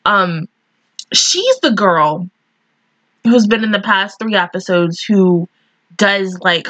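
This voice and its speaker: A woman hosting an anime reaction video, gushing excitedly and swearing freely in casual commentary. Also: on the low side, dry recording, highs cut off.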